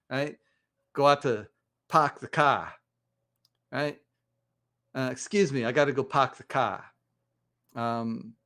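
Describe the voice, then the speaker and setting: An American man talking casually to camera in a vlog, rambling with many fillers and restarts. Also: medium pitch. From United States. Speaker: vlogger. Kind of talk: casual spoken monologue.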